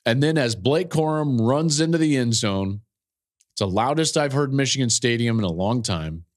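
A man hosting a podcast, telling the story of a game he called with animated emphasis and frequent restarts, speaking into a studio podcast mic. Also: medium pitch, normal speed. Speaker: podcast host and football analyst. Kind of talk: casual analysis.

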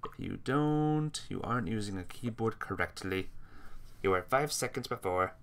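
A man's voice: fairly low pitch, lively intonation, normal speed, fairly bright tone. A man streaming a game with laid-back, chatty commentary, talking to his chat and teammates while yawning and sleepy. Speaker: gaming streamer.

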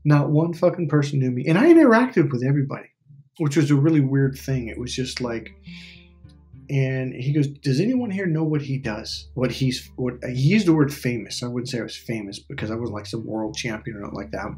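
A man's voice: medium pitch, a little fast, darkish tone, soft background music. Rambling, profane middle-aged man telling a story. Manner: rambling, profane, restarts often, voices other people in his story. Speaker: spiritual life coach. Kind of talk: casual storytelling monologue.

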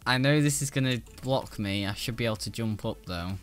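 A man chatting casually as a co-player, giggly and quick to react. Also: mid-range voice, soft background music. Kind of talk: casual gameplay chat.

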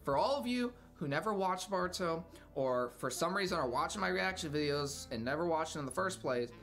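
A man hosting an anime reaction video, talking casually with slang, shouting out in surprise and sometimes falling to a hushed whisper. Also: on the high side, lively intonation, fairly quick, faint music behind. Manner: casual and slangy, exclaiming loudly then dropping to hushed whispers. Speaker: host.

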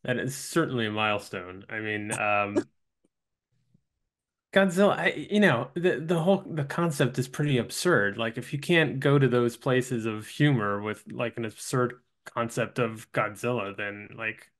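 A man's voice: mid-range voice, normal speed, hardly any pauses, a bit bright. Easygoing man hosting a chat. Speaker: podcast host. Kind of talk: casual chat.

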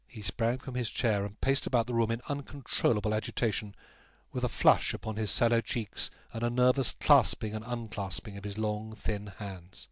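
A man narrating a classic story in a measured, steady audiobook style. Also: fairly low pitch, dry recording. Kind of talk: scripted narration.

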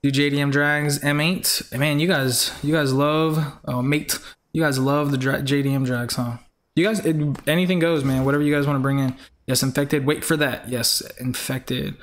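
A man's voice: on the high side, fairly even intonation, normal speed, fairly bright tone. A young man hosting a live game stream in casual chat, greeting viewers by name and firmly repeating himself.

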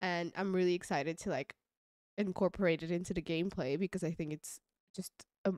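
A woman's voice: lowish voice, fairly quick, a little mellow, dry recording. Bubbly woman gushing over gameplay. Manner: gushing and chatty, giggles often. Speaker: let's play creator. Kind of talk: casual gameplay commentary.

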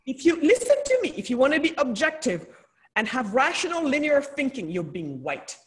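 A woman originally from Africa, co-hosting a casual conversation over a video call and speaking in an animated, emphatic way that keeps repeating words for stress. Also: high voice, brisk. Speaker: podcast co-host.

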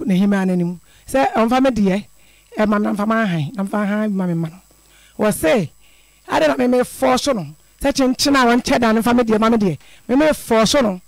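A man's voice: high voice, dry recording. A middle-aged man calling in to a radio show, telling a personal story in an earnest, repetitive way. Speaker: caller.

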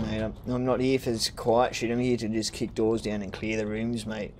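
A young man commentating a horror game playthrough, swearing and ranting with excitable outbursts. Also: lowish voice, moderate pace, few pauses, noisy background. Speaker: gaming streamer. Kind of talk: let's play commentary.

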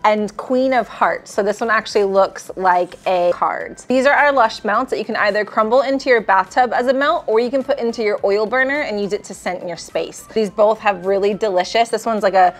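A woman's voice: medium pitch, brisk, hardly any pauses. A woman presenting gift products, bubbly and gushing over how cute and delicious everything is. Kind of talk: enthusiastic product showcase.

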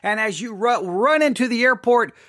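A man's voice: extremely high pitch, lively intonation, fairly bright tone, no echo, clean studio sound. A man hosting a theology teaching podcast, telling a vivid, tense second-person story with repetition and restarts. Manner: vivid, repetitive, builds tension with restarts and pauses.

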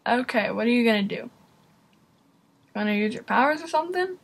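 A woman with a fairly high voice reacts to a video as it plays, in casual, chatty commentary. She exclaims at what she sees and speaks straight to her viewers. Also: brisk, creaky, breathy edge. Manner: excitable, exclaims and talks to viewers.

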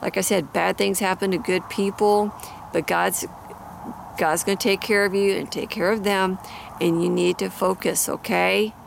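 A woman's voice: medium pitch, steady tone, normal speed, gravelly, slight background noise. A woman vlogging outdoors with a handheld mic, chatting earnestly and praying aloud for her viewers. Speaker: Christian ministry vlogger. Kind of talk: casual prayer and encouragement talk. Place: outdoors near animals and hay. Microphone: handheld microphone.

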